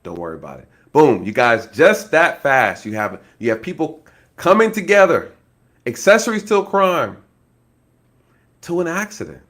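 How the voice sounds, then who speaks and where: A man who is a former law enforcement officer gives casual true-crime commentary. He is animated, laughs often, keeps addressing his viewers and acts out possible scenarios. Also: a little high, a little slow, long pauses.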